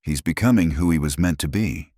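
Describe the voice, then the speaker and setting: An eager little girl chatters in a storybook tale, lifting well above the speaker's own very deep voice as a man puts her on. The sound is dry and close to the mic. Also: brisk, a little mellow, no echo. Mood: earnest. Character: brave cheerful little human girl.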